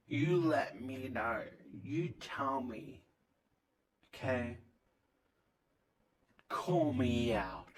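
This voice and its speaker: A woman's voice: extremely low pitch, exaggerated voice. A woman putting on a fawning drunk partygoer who gushes with too much affection. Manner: slurring, gushing, overly affectionate.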